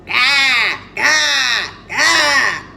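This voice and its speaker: A woman's voice: high-pitched, lively intonation, very slow, creaky, sharp tone, echoey room, slight background noise, pitched above the performer's own voice, full character voice. A woman voicing a hostile flock of peacocks with a harsh, squawking cry. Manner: shooing, scornful.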